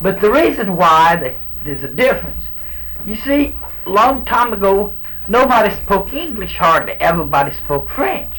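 A man's voice: high-pitched, sing-song, moderate pace, sharp tone, poor audio. A man in his sixties with a Cajun accent, telling stories in a rambling, folksy way during an oral history interview. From South Louisiana island. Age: 60s. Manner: rambling, folksy storytelling with restarts.

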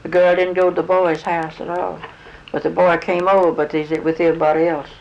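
A woman's voice: lowish voice, flat delivery, a little fast, a little mellow, low-quality recording. Older woman giving short, plain answers. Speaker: interviewee. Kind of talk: casual recollection.

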